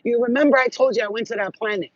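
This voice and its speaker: A man telling spiritual stories in casual monologue, profane and animated, acting out what people said. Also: extremely high pitch, racing, no echo, muffled recording. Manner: profane, animated, acts out quotes. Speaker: spiritual channel host.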